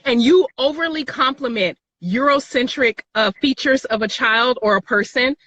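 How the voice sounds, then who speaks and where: A woman's voice: sits high, normal speed, fairly bright tone, dry recording, poor audio. A woman calling in to a live show, explaining her views earnestly as if lecturing. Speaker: caller. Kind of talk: explaining call-in talk.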